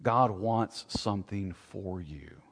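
A man's voice: fairly low pitch, slow pace, gravelly. Earnest preaching man in a reverberant space. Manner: earnest, preacherly, rising emphatic questions. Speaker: pastor. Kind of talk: sermon.

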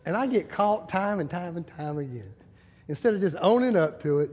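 A man preaching a sermon as a pastor, animated, asking the congregation questions and acting out little scenes. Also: sits high, moderate pace, husky. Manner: animated, asks the crowd, acts out little scenes. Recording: hall reverb.

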